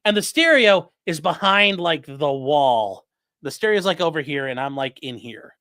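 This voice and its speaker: A man in his late thirties telling a story in a casual, animated and profane way as the host of a livestream, full of gun jargon. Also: fairly high pitch, moderate pace, no room sound. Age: late 30s.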